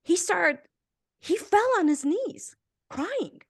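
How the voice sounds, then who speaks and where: Speaking slowly with an extremely high pitch and lively intonation, a Romanian author in her fifties recounts something personal during an interview. She is earnest and full of feeling, her delivery swelling intensely before falling to hushed moments.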